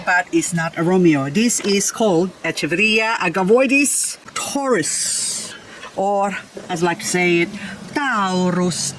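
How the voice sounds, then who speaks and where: A woman's voice: fairly low pitch, a little hiss or hum, poor audio. A woman hosting a casual gardening vlog in her garden, chatting and pointing things out plant by plant, often laughing. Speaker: succulent grower, channel host. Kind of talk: casual show-and-tell vlog. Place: outdoors in a garden.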